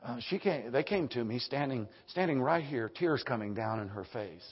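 An older man preaching a sermon, hoarse from singing, swinging from loud emphatic bursts to hushed storytelling. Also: medium pitch, expressive, normal speed, highs cut off. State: hoarse, voice nearly gone. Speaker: Baptist preacher.

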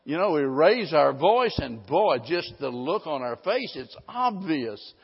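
Middle-aged male pastor, folksy rambling sermon delivery, pitched a little high, muffled lo-fi recording. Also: very animated, measured pace, creaky, husky. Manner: folksy, rambling, with many restarts. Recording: dull lo-fi sound with a long hall reverb.

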